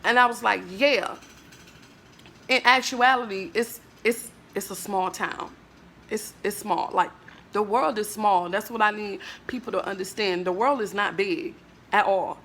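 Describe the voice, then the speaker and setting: A woman's voice: medium pitch, fairly even intonation, normal speed, a bit bright, a little hiss or hum. A woman vlogger in an emotional monologue to camera, ranting in a blunt, emphatic, profane way and leaning on fillers like "like, bruh".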